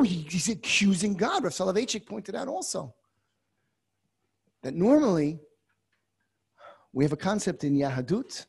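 A man teaching a class on a biblical text, moving from quiet asides to loud, impassioned readings and using many Hebrew terms. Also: high voice, husky. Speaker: Torah teacher.

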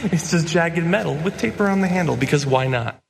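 Dry slow guy, kinda raised pitch, roomy noisy far-off clip. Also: expressive, creaky. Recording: distant echoey clip with noise.

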